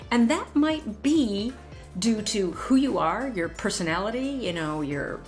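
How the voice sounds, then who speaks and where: A woman vlogging about her wardrobe in a casual talk-through, chatty and correcting herself as she thinks aloud. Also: mid-range voice. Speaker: personal style vlogger.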